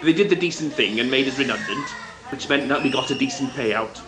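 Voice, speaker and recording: A man with a Welsh accent, chatting in a friendly, unhurried way during a scripted café conversation. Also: medium pitch, low-quality recording. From Wales. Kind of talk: casual scripted dialogue.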